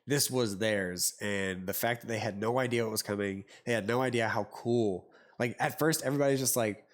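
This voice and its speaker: A man's voice: mid-range voice, moderate pace. A man in the middle of his vocal range talks through a casual podcast chat. He rambles, circles back and restarts his sentences, and fills the gaps with "like" and the odd curse word. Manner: rambling, heavy on fillers and restarts, swears. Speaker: podcast host.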